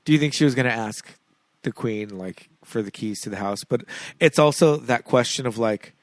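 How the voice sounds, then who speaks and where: A man's voice: medium pitch, normal speed, dry recording. A man co-hosting a podcast in casual chat, laughing often and slipping into silly voices. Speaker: podcast co-host.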